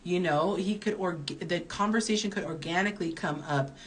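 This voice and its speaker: A woman's voice: on the low side, normal speed, slight background noise. A woman in her early forties, a dating coach, giving candid advice in a chatty live-stream Q&A while reading viewer comments aloud. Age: early 40s.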